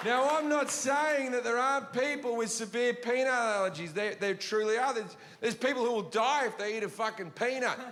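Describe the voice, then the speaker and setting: Ranting comedian live on stage. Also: male voice, extremely high pitch, moderate pace, few pauses, a bit bright, a faint crowd. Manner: profane, blunt, ranting storytelling. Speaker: stand-up comedian. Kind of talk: stand-up comedy routine. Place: large venue before a laughing audience. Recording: live show in a reverberant hall with audience noise.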